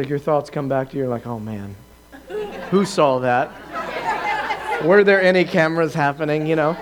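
A man preaching a lively testimony, telling his story with laughs and acted-out quotes to a live audience. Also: fairly high pitch. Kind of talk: sermon testimony.

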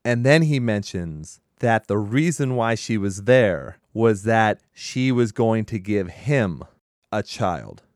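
Animated man recapping a movie, dry sound. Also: lowish voice, slow, dry recording. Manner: animated, laughs often, swears freely. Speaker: podcast co-host. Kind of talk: casual movie recap chat.

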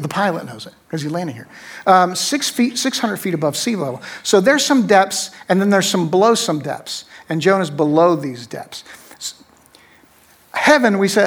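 A man's voice: high voice, sing-song, moderate pace, husky. A middle-aged man preaching a sermon to a congregation. He tells a story in a conversational way, repeats his key phrases and keeps checking in with "right?". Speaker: pastor.

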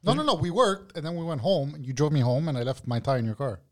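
A man telling a story as a guest in a casual podcast chat, animated and swearing. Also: fairly high pitch, fast talker.

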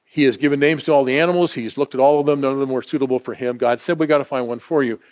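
A man preaching a sermon, swinging from emphatic declarations to hushed, intimate asides. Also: medium pitch, fairly even intonation, very fast.

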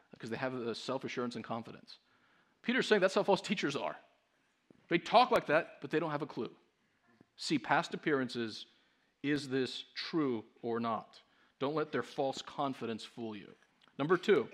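Pastor, male, fairly high voice, emphatic sermon delivery with rhetorical questions. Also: animated, normal speed.

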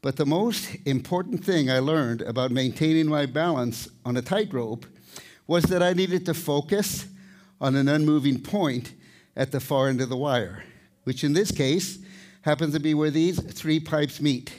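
An older man, a tightrope walker, giving a live talk with storytelling and light humor, out of breath at times. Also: fairly high pitch. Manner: storytelling, warm humor, pauses to catch breath. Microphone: microphone, speaking to a live audience.

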